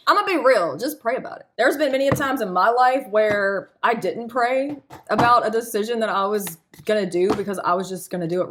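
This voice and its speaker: A woman's voice: mid-range voice, a bit bright, a little hiss or hum. A woman giving a casual spiritual card reading to her viewers, earnest and chatty, often laughing and calling them y'all.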